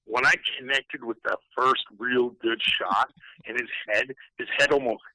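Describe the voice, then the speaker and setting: Middle-aged guy on a podcast, cussing a lot, bright forceful voice, dry close mic. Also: mid-range voice, fairly even intonation, dry recording, poor audio. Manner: heated, profane, halting restarts. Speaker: guest, retired fighter. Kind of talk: podcast interview.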